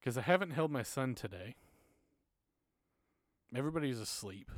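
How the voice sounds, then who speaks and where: A man in his thirties speaks in a casual podcast conversation, earnest and open as he tells personal stories. His voice is mid-pitched and recorded dry and close, with no room sound. At times he gets emotional. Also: lively intonation, moderate pace, no room sound. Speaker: podcast guest, church music minister.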